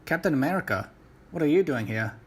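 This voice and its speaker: A man's voice: on the high side, expressive, brisk, husky. A man reading a blunt skeptical astrophysicist woman.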